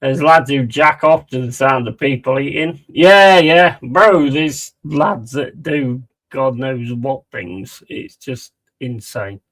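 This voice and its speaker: A man's voice: medium pitch, takes it slowly, few pauses, a bit bright, rough recording. A man chatting casually on a live stream, rambling, mocking and swearing a lot.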